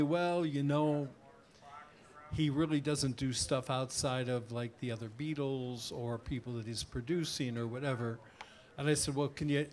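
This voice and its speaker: A man's voice: mid-range voice, darkish tone. A man as a guest author, animatedly telling an anecdote at a live tavern event and slipping into quoted voices. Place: tavern event before an audience.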